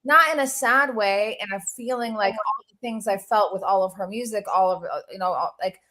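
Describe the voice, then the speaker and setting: A woman with a mid-range voice hosts a relaxed webinar chat. She talks in a chatty, enthusiastic way and cheers her guest on, speaking straight from her own experience. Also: medium pitch, brisk. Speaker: webinar host. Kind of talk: casual webinar conversation.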